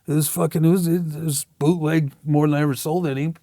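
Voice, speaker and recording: A man's voice: a little high, fairly even intonation, quick pace, dark tone, dry recording, clean studio sound. A middle-aged man, a tattoo artist being interviewed, telling blunt, profane stories and acting out the quotes. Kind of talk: casual storytelling interview.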